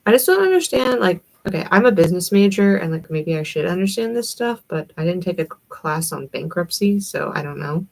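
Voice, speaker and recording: A young Southern woman hosts a livestream, rambling casually as she answers her viewers' comments. Her voice sits low and carries a gravelly fry. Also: a little fast, few pauses, darkish tone, poor audio. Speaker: livestream host.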